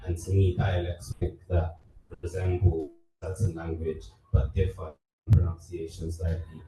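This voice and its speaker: A man speaking on a discussion panel, measured and thoughtful. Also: low voice, flat delivery, background noise. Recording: echoey room, far from the mic.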